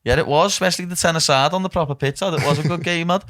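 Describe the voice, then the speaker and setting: A man's voice: on the high side, rapid-fire, a bit bright, no echo, studio quality. A young man, hosting a podcast and chatting casually, swearing and saying "lad" all the time. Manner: swears often, says "lad" constantly. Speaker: podcast host. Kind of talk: casual chat. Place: podcast studio.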